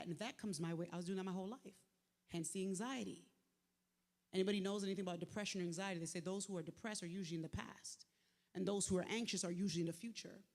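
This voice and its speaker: A woman giving a live motivational faith talk, conversational and lively, with slangy asides to the crowd. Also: on the low side. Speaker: speaker at a faith event. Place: large venue, live event. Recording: echoey hall with long reverb.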